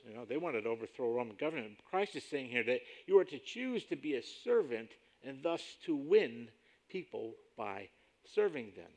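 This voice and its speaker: A man preaching a sermon as pastor, emphatic and rising sharply on key points, slowing down when he reads scripture aloud. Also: mid-range voice, darkish tone. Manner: slows down to read scripture aloud.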